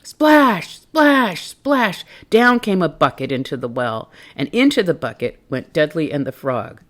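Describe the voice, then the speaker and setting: A woman storyteller reading a children's picture book aloud in an expressive, animated way. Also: rumbling low, normal speed.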